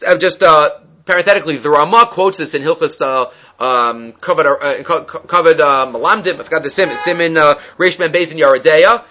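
A man with a high, bright voice leads a Talmud lesson. He tells the story with animation and acts out the rabbis' lines as he goes. The recording is dull and lo-fi. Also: a little fast. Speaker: Talmud teacher.

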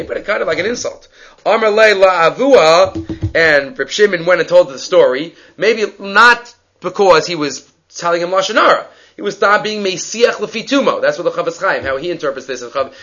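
A man teaching a Talmud lesson, reading Aramaic and Hebrew aloud and explaining it in quick English, acting out each exchange. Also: fairly high pitch, dull audio. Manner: animated, acts out dialogue with rising voice. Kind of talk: lively Talmud lecture.

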